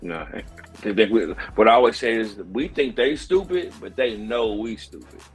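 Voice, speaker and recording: A tipsy man with a low, easy voice, co-hosting a casual podcast. He rambles and repeats himself as he talks, and faint music sits behind him. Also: expressive, normal speed, slightly rough. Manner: loose, rambling, tipsy talk. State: tipsy with hiccups. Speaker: podcast co-host. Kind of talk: casual chat.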